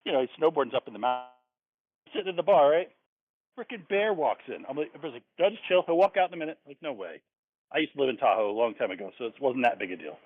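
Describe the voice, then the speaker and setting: A man phones in from outdoors and tells a meandering joke, with casual filler along the way. His voice is at a middle pitch, dry, and a little muffled through lo-fi call audio. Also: animated, fast, husky, no room sound. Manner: rambling storyteller. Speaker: caller. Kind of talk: casual chat, telling a joke.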